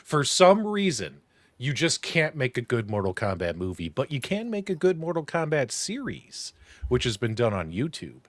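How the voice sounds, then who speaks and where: A man's voice: medium pitch, wildly swooping pitch, moderate pace, dry recording. A man co-hosting a casual chat, ranting bluntly and crudely. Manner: acts out roars loudly. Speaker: co-host.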